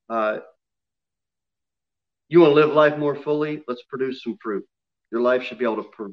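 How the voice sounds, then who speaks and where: A man's voice: mid-range voice, muffled recording. A man preaching a sermon to his congregation in an emphatic way, often asking them questions. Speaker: pastor.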